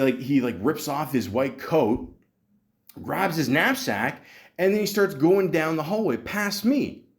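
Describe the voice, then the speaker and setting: A man hosting a podcast, ranting through a story with lots of stammering restarts and swearing. His slightly high voice swings widely in pitch as he acts out both sides of an argument. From Canada. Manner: animated, profane, stammering restarts, acts out dialogue. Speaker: podcast host. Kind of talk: casual storytelling rant.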